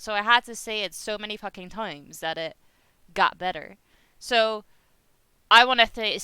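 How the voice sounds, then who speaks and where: A woman's voice: medium pitch, a little slow, pushed and bright, smooth, no room sound. Dutch accent girl streaming, giggly, super clean dry mic sound. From Netherlands. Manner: chatty, giggly, reads chat aloud. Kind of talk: casual live-stream chat with viewers.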